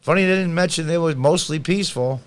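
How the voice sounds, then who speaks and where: A man's voice: fairly high pitch, fast talker. A man hosting a podcast, reading news items aloud and answering them with blunt, sarcastic, combative political commentary. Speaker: podcast host.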